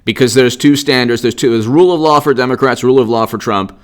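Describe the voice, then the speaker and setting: A man's voice: mid-range voice, fast talker. Combative man ranting on politics. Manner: sarcastic. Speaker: political commentator. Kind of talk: unscripted political commentary.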